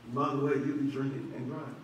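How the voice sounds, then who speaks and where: Preaching fast with a level tone, a pastor raises his emphasis and asks rhetorical questions during his sermon in a church sanctuary. His voice is mid-range. The audio, captured by a distant mic in the echoey hall, sounds dull with slight background noise.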